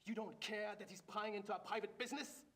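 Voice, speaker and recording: A man's voice: high voice, steady tone, quick pace, fairly bright tone. An actor playing a suspicious, indignant male club member who talks in an accusing, hostile way in a video game.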